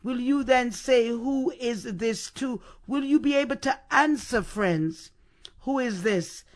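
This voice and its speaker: Slow, emphatic preacher. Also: male voice, extremely high pitch. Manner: slow, emphatic rhetorical questions. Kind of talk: sermon.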